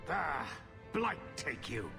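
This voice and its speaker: Gravelly, grumpy old uncle. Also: male voice, a little high, big pitch swings, takes it slowly, heavily acted. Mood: grumbling. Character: grumpy bitter older uncle, gruff and scornful. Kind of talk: video game dialogue. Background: game music.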